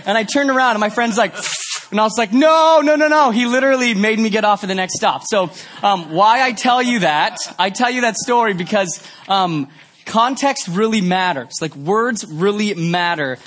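High-voiced casual preacher. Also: male voice, normal speed, slight background noise. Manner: conversational, animated storyteller, many fillers. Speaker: pastor. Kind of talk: sermon. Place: church sanctuary.

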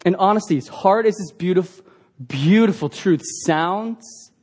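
A man's voice: high-pitched, measured pace, a little mellow. A man preaching a sermon as pastor, earnest and emphatic, asking the congregation rhetorical questions.

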